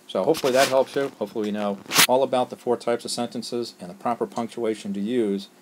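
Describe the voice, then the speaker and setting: A man's voice: medium pitch, fairly even intonation, fast, background noise. A man teaching a lesson on a screencast, explaining step by step with patience and often asking "all right?".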